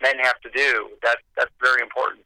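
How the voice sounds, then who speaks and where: Male phone caller, piercingly bright and thin, halting delivery. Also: mid-range voice, flat delivery, dry recording. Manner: hesitant, with many restarts. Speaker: caller, pilgrimage organizer. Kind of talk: phone interview. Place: long-distance phone call. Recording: tinny phone line.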